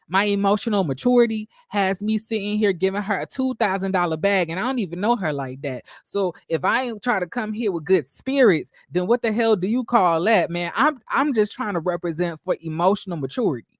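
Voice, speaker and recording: A man's voice: sits high, brisk, fairly bright tone, no room sound, clean studio sound. A man mimicking a defensive woman who grumbles and repeats her point during a casual video recap. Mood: indignant.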